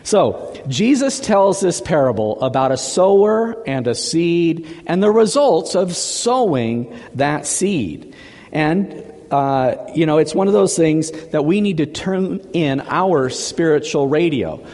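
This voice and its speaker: A man preaching a sermon as the pastor, chatty and animated, often repeating words as he gathers his thoughts. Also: a little high, takes it slowly, big-room sound.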